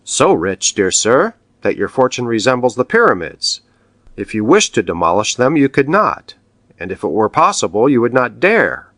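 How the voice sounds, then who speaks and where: A man's voice: mid-range voice, very animated, moderate pace, fairly bright tone, dry recording. A man reading as a cool, ironic count.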